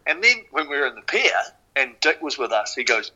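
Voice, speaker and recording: A man with a New Zealand accent, a podcast guest and former rower, telling stories casually in an animated way, swearing freely and using lots of fillers. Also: medium pitch, fast, slightly rough, low-quality recording. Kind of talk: casual storytelling.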